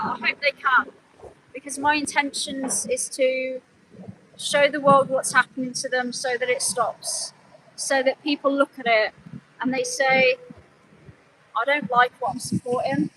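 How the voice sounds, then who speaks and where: A woman's voice: high-pitched, pushed and bright, a little hiss or hum, rough recording. A woman animal rights activist livestreaming outdoors, talking earnestly, pleading one moment and scolding her chat the next. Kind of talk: live stream commentary.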